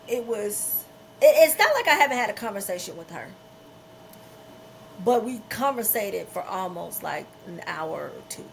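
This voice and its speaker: Gravelly-voiced woman podcast host. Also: mid-range voice, slight background noise, poor audio. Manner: emphatic, repetitive, unfiltered. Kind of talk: candid podcast monologue.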